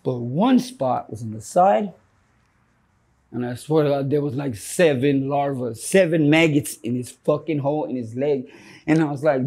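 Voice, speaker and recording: A man speaks in a candid interview with a gravelly, rough-edged voice. His tone is dark and low-lit. He rambles through profane stories and acts out friends' voices when quoting them. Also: moderate pace. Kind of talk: candid street interview storytelling.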